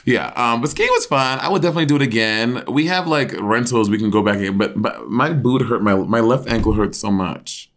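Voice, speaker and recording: Animated man telling stories. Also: mid-range voice, fairly quick, hardly any pauses. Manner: animated storyteller, swears, acts out quotes. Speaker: podcast co-host. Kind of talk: casual chat.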